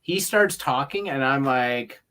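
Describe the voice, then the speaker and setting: A man co-hosting a casual chat, lively and laughing often as he acts out what others said. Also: medium pitch, measured pace, background noise. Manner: animated, acts out quotes in voices. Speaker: podcast co-host. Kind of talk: casual chat reviewing wrestling.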